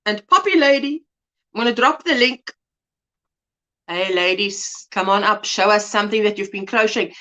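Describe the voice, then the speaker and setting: A middle-aged South African woman hosts a casual livestream, greeting viewers by name, chatting, and laughing often. Her mid-range voice has a sharp edge and moves at a normal speed.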